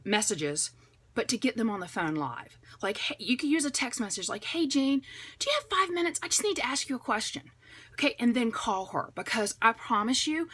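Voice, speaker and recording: A woman coaching direct sellers in a chatty, upbeat way, acting out phone calls in a brighter voice. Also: a little high. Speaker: direct sales trainer. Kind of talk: motivational sales coaching talk.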